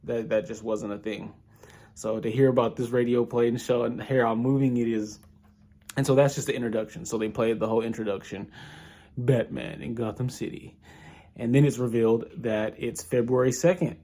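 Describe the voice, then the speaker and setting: A man's voice: medium pitch, fairly even intonation, moderate pace, mellow. Rambling young man recapping an episode. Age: young adult. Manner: rambling, thinking aloud with many ums and restarts. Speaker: podcast reviewer.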